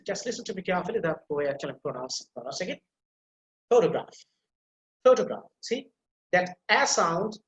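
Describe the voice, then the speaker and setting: A male teacher giving a pronunciation lecture, repeating example words slowly and stressing their syllables, a native Bengali speaker. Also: high voice, sharp tone, roomy sound. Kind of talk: online lecture.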